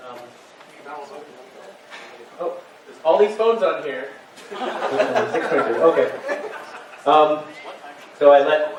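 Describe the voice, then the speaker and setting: A man's voice: a little high, expressive, slow pace, pauses often. Man singing a parody song in an echoey hall. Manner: chatty and self-mocking, breaking into song. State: feeling unwell. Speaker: comedy performer. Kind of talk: live stage comedy with parody song. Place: convention stage with audience. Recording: distant mic, very echoey hall, noisy.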